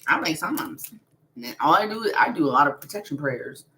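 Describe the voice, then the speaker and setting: A low-voiced woman talking in on a casual live stream. She is blunt and swears freely, and she breaks into laughter often. A faint hiss sits under the recording. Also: lively intonation, fast, bright, forceful tone. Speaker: spiritual vlogger.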